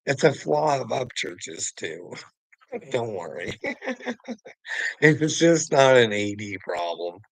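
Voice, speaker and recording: A man on a livestream mocks a viewer directly, preaching and swearing, laughing often, and addressing him as "bud" and "brother" throughout the taunting monologue. His mid-range voice is sing-song and creaky, slow with long pauses. The audio is poor, though free of room sound.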